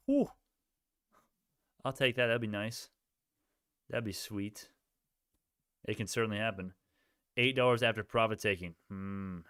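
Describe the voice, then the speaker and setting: Smooth-voiced man hosting a casual stock stream. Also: on the low side, steady tone, measured pace, pauses often, a bit bright, dry recording, clean studio sound. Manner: rambling, casual, thinking aloud. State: sleepy, yawning. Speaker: stock livestream host. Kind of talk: live stream chat answering viewers.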